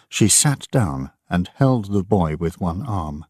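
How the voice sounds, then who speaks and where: A man narrating an audiobook for English learners, slow and clearly enunciated. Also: low voice, animated, a little mellow, dry recording, studio quality.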